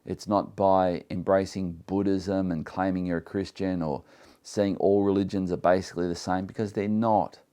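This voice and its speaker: A man's voice: sits low, little pitch movement, normal speed, warm tone, clean tone. A man teaching a Bible study, earnest and emphatic, reading scripture and then explaining it with some restarts.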